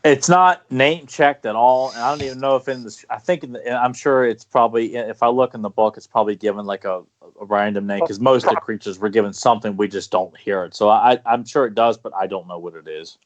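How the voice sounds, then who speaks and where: A man talking eagerly in a casual podcast chat, stopping and restarting his sentences often. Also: medium pitch. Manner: enthusiastic, halting with many restarts. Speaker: podcast guest. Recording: dull lo-fi podcast audio.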